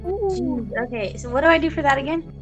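A woman's voice: high voice, animated, a little fast, muffled recording, music in the background. Hesitant woman player, thinking aloud. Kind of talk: casual tabletop game play.

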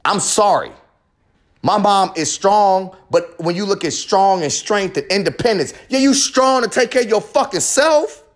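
A man's voice: high voice, lively intonation, a little slow. A man delivering a confessional monologue in a heated, profane, emphatic rant, hammering home short repeated phrases.

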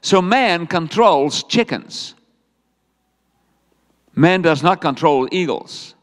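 High, lively male preacher in a hall. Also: takes it slowly. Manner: animated and humorous, rhetorical questions to the congregation. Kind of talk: sermon. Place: church hall.

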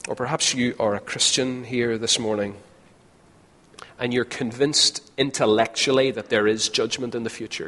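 A man's voice: medium pitch, fairly even intonation, normal speed, fairly bright tone. A man preaching a sermon in an earnest way, now and then acting out the voices of imagined people. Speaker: pastor. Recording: long hall reverb.

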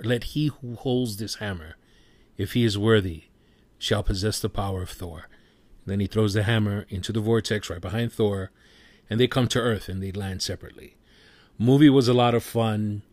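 Passionate, swearing man, low voice. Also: no echo. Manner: passionate, rambling, swears freely. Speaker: movie reviewer. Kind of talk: casual spoken review.

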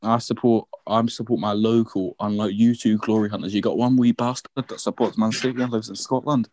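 Fast-talking teasing young man. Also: lowish voice, steady tone, a little mellow, no room sound. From North London. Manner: teasing, swearing, repeats insults. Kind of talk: casual banter.

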